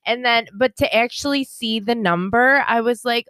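A woman's voice: a little high, unhurried, fairly bright tone, smooth, dry recording, studio quality. A woman co-hosting a podcast in casual chat, rambling and laughing often, with casual swearing. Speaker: podcast co-host.

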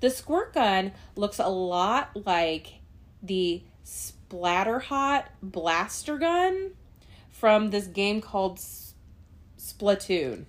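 A woman co-hosting a casual podcast, animated and reflective, with rambling asides. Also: medium pitch, very slow. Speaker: podcast co-host. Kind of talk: casual chat about a cartoon.

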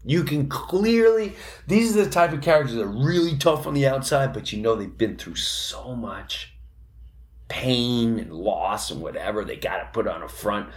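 A middle-aged man, a comedian, telling a long personal story in an animated, restless way with many restarts and asides. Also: medium pitch, moderate pace. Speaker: comedian host. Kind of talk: comic storytelling.

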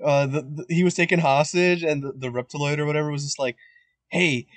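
A man's voice: on the high side, steady tone, fast, no echo. A man co-hosting a podcast in casual chat, rambling with many fillers, swearing and laughing. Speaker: podcast co-host.

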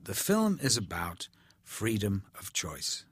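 Man, actor, film commentary, candid stories, husky low voice. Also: slow. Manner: animated storyteller, candid. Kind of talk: film commentary, anecdotal chat.

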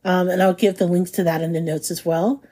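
Husky-voiced woman hosting a food podcast. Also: on the low side, little pitch movement, fairly quick, dark tone. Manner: enthusiastic, laughs often, savoring descriptions. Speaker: podcast host. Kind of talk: casual food podcast chat.

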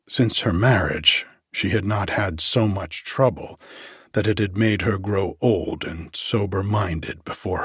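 A man reading a fairy tale aloud at bedtime, calm and measured. His voice is fairly low and husky, and he takes his time over every phrase, with faint music underneath. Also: no room sound, clean studio sound. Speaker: storyteller.

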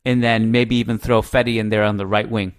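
A man in his thirties hosting a casual podcast, chatty and quick to laugh, thinking out loud. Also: on the low side, flat delivery. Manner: chatty, laughs easily, thinks aloud with restarts. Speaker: podcast host. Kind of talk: casual chat.

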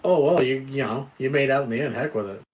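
A man's voice: medium pitch, fast talker. Man, show host, casual, laid-back, swears, faint hiss behind. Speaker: podcast host. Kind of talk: casual chat.

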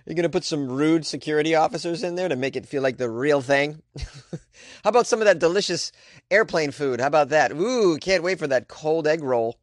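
A man's voice: on the high side, no echo, clean studio sound. An American man hosting a weird news segment, reading stories and mocking them sarcastically, often laughing. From United States. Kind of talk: sarcastic comedic news commentary.

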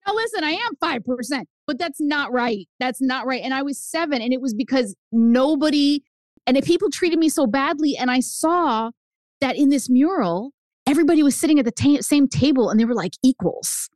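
A woman guest chatting on a podcast, her fairly high voice swooping up and down as she tells a story and acts out the people in it. She sounds close to the mic and dry, with no room around her. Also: expressive, moderate pace, darkish tone, no echo. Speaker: guest author. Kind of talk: casual chat.

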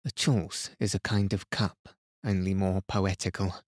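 A man reading a classic novel aloud as a calm bedtime story, gentle and even. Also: low-pitched, unhurried, no echo, clean studio sound. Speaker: podcast reader.

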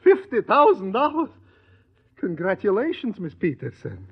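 Brief: theatrical, doting older professor, fairly high and lively, for an old radio comedy. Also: male voice, moderate pace, breathy edge, full character voice. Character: fussy, affectionate older male professor. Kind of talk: 1940s radio sitcom acting. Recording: dull old radio recording.

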